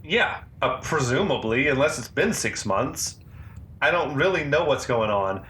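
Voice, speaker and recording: A man's voice: medium pitch, lively intonation, measured pace, bright, forceful tone, reverberant, a little hiss or hum. A man co-hosting a podcast in casual movie-recap chat, wry and dry, laughing often. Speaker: podcast co-host.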